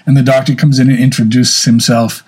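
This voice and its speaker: A man's voice: mid-range voice, level tone, fairly quick, darkish tone, husky, rough recording. A man in his fifties talking candidly and casually, telling a personal story and giving advice. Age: 50s. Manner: candid, storytelling, self-deprecating. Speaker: speaker sharing health advice.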